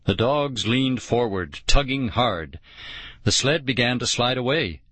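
A man reading a first-person children's adventure story aloud in a measured, expressive way. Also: mid-range voice, no echo. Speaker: audiobook narrator. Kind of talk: first-person audiobook narration.

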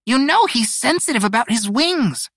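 A man doing a high, squawking storybook bird who boasts and snaps at his companion. The voice jumps around in pitch. The sound is dry and close, with no room around it. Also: wildly swooping pitch, normal speed, pushed and bright, slightly rough, no echo, exaggerated voice. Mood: snappish. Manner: squawking, snappish. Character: excitable clumsy male bird, bossy.

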